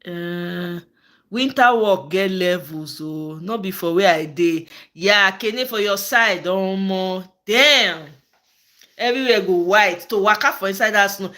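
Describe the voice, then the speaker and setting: Speaking with a Nigerian accent, this political live-stream host shifts into Pidgin and replies to viewers by name in a relaxed chat. Her voice is mid-range and sharp-toned, and she takes her time.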